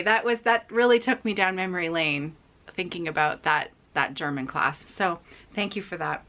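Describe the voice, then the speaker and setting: A woman's voice: mid-range voice, bright, forceful tone. A middle-aged woman chatting casually to camera as a cross-stitch vlogger, self-deprecating, with frequent restarts and fillers.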